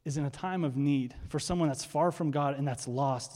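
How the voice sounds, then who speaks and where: A man preaching a sermon with high energy, speeding through quick asides and then slowing to stress key words. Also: steady tone, mellow. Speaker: pastor. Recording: hall reverb.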